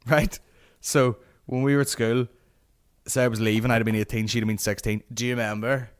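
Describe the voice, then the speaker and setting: A Northern Irish man in his late twenties rants his way through a comic story for his podcast. He swears freely and talks in a mid-pitched, everyday voice, with animated bursts. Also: moderate pace, clean tone. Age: late 20s. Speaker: podcast host.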